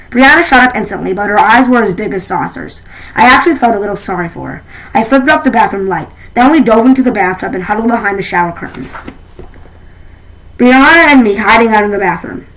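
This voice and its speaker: A woman reading a children's novel aloud, expressive, with frequent restarts. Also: mid-range voice, a little fast, low-quality recording. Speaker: reader.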